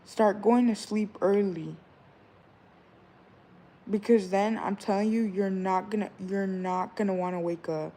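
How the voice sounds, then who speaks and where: A woman's voice: medium pitch, fairly even intonation, measured pace, dark tone, slight background noise. A woman in her twenties chatting casually to her viewers, giving rambling advice and often checking in with "all right?". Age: 20s. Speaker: vlogger.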